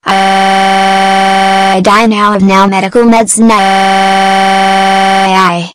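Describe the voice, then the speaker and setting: A computer-made male voice plays a pitiful dying man in a cartoon. Every word is stretched painfully slow in one flat tone. Sirens and horns blare loudly behind him. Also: high voice, a little hiss or hum, heavily acted, low-quality recording. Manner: drawn out, very slow and monotone. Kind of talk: text-to-speech cartoon voice.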